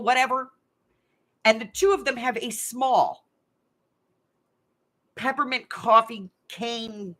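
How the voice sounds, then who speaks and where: A woman's voice: on the high side, sharp tone. A woman hosting a crafting livestream, telling a story casually and bluntly with some swearing, then running a quiz game. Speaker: craft channel host.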